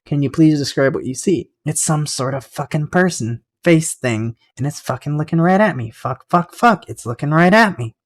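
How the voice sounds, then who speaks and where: A man's voice: fairly high pitch, expressive, normal speed, hardly any pauses. A man voicing a terrified middle-aged male convict test subject who swears constantly in panic. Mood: panicked.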